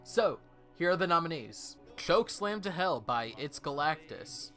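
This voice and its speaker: A guest presenter casually reads out nominees and the winner, loose and joking. The voice is bright and forceful. Faint music plays in the background. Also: mid-range voice, very animated, a little slow.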